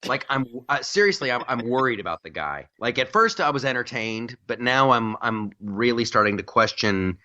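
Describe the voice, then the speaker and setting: A man hosting a casual talk radio show, telling stories in a wry, animated way with mock chants. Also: mid-range voice, normal speed, few pauses. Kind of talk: casual political talk chat. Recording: slightly dull radio audio.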